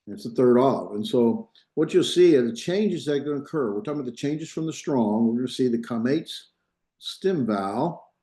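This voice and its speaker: Mellow-voiced male Hebrew teacher. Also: mid-range voice, expressive, fairly quick. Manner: explains step by step, thinks aloud and checks in with students. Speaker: Biblical Hebrew instructor. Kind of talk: classroom grammar lecture. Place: classroom. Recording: echoey classroom.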